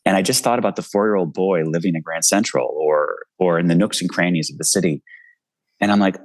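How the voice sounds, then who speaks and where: A man's voice: sits low, a little fast, no room sound, rough recording. A man in his forties, an author speaking earnestly and with passion in an interview from his home. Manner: earnest, impassioned, speaks in bursts. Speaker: author and guest. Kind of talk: video call interview.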